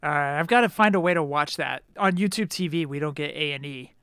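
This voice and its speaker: Laid-back male co-host, smooth and clear, slightly high voice, dry booth sound. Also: a little fast, fairly bright tone, no echo. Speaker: podcast co-host. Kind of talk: casual chat.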